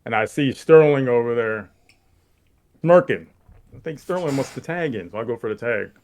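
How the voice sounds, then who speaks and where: Man, ordinary pitch, easygoing player talking through his moves. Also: animated, normal speed, a little mellow. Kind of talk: casual tabletop play.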